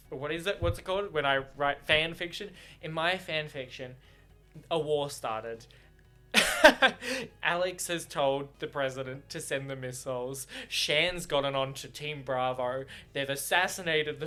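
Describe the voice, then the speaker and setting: Excitable man with a bright voice. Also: a little high. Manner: excitable, swears freely, laughs often. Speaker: book reaction vlogger. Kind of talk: casual chat.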